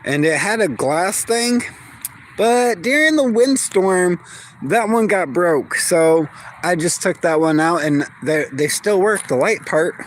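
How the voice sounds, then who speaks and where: A slow, meandering man vlogs on his phone out in the yard, chatting as he goes and calling out to his dogs. His voice sits a little high for a man, and he takes his time between thoughts. Faint outdoor noise and barking dogs sit behind him. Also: animated. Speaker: vlogger. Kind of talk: casual walk-and-talk vlog.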